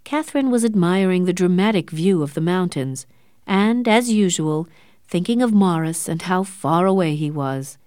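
Woman audiobook narrator, low-pitched, dry close recording, steady and clear. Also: normal speed, no echo.

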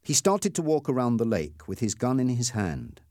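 A man's voice: mid-range voice, big pitch swings, darkish tone, no room sound, clean studio sound. A man reading a story aloud as narrator, in scripted storybook narration. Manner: slow, clearly paced reading.

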